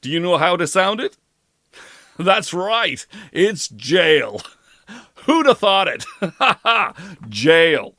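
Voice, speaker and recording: A man putting on a booming American radio announcer. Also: big pitch swings, pushed and bright, no room sound, studio quality, exaggerated voice. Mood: showy. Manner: booming, drawn-out quiz-show delivery.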